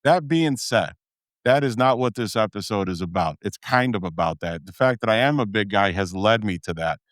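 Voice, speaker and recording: A man's voice: on the low side, lively intonation, moderate pace, dry recording. A man with a Chicago accent hosting a podcast, talking candidly and chatting with guests, with frequent "uh"s. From Midwestern US. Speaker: podcast host. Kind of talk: casual podcast talk.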